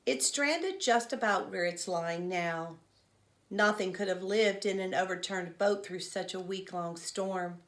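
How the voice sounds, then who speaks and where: A woman's voice: mid-range voice, unhurried, lightly acted. A woman voicing an old village man who tells a grief-filled childhood story in a children's novel read aloud. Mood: mournful. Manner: earnest storytelling, rising to loud cries.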